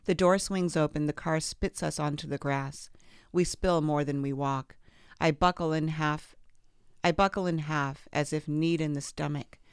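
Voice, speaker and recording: A woman podcast host reading a memoir aloud in a measured, expressive way on a close studio mic. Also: deep voice, smooth, no room sound.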